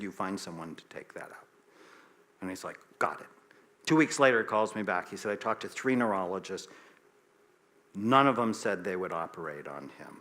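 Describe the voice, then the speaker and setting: An American man of about sixty, a psychiatrist, tells a story during a lecture to an audience. He performs the dialogue with lively swings in pitch and volume.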